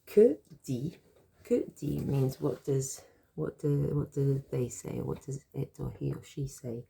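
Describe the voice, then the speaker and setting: A woman with a sore throat, teaching French by patiently explaining silly jokes and repeating each word slowly. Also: extremely low pitch, fairly even intonation, gravelly, warm tone, slight background noise.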